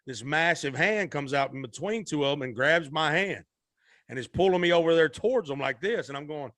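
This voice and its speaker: A man with a slightly raised pitch tells a story as a podcast guest. He is animated and slips into the voices of the people he quotes. The sound is close and dry, with no room around it. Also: brisk, no echo. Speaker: singer guest.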